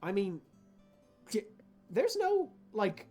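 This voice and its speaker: A man voicing a hesitant female official who hosts a meeting and speaks in a halting, polite way. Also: mid-range voice, sing-song, warm tone, faint music behind, voice pushed up. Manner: halting, polite, stumbling over words.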